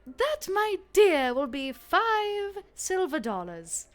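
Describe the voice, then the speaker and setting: A woman's voice: very high-pitched, very animated, slow pace, pitched above the performer's own voice, full character voice. A woman voicing a glamorous, wealthy woman bartender who is airy and flirtatious in a tabletop role-play game. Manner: airy, flirtatious, calls people darling and honey.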